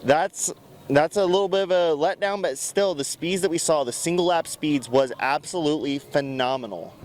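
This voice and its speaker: A man's voice: a little high, moderate pace, a little mellow, a little hiss or hum. Man hosting a casual racing recap. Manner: conversational, loose with fillers. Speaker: racing show host. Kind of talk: casual motorsport recap chat.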